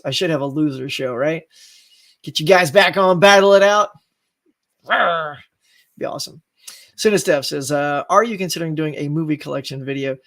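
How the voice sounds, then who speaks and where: A man's voice: on the high side, a bit bright. A man hosting a live stream show, chatting casually, reading viewer comments, laughing often and going off on tangents.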